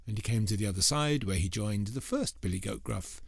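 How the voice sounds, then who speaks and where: A man's voice: lowish voice, brisk, creaky, slightly rough, no room sound, studio quality. A man telling a folk tale aloud as an oral storyteller, in a rhythmic way that includes spoken sound effects.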